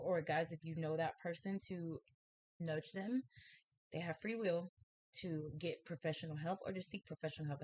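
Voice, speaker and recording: A woman with a slightly low voice giving a spiritual tarot reading straight to camera. She talks in an earnest, encouraging way, often pausing on fillers and starting her sentences over. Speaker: tarot reader and psychic.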